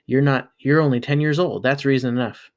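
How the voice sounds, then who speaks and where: A man's voice: mid-range voice, steady tone, brisk, lightly acted. A man voicing an exasperated mother scolding her daughter in a firm, clipped way. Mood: stern.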